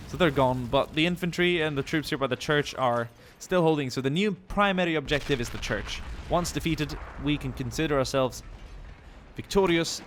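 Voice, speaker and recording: There's a little hiss or hum on this recording of a young Swedish man with a fairly high voice, speaking at a moderate pace. He jokes and rambles while commenting on a war game, its gunfire and artillery loud behind him.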